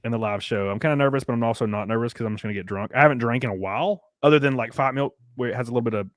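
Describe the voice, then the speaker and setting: A man's voice: mid-range voice, rapid-fire, dry recording. Crude rambling man, dry close mic. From American South. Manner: crude, rambling, many restarts. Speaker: podcast host. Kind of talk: casual chat.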